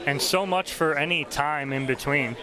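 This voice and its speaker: A man giving live sports commentary at an outdoor venue, chatty with quick excited reactions to the play. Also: on the high side. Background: crowd.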